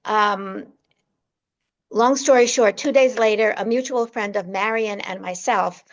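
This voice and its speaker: A gravelly-voiced woman, a guest medium on a podcast, tells her stories with animation and leaps up in pitch at the big moments. Her voice has some fry, and the remote recording sounds dull and lo-fi. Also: measured pace. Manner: animated storyteller, voice jumps high when reliving moments. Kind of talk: storytelling in a podcast interview.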